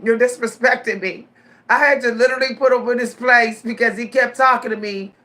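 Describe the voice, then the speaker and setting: A woman in her forties telling stories straight to her viewers in a casual vlog, animated, repeating her words and laughing often. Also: on the high side, brisk. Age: 40s. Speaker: vlogger.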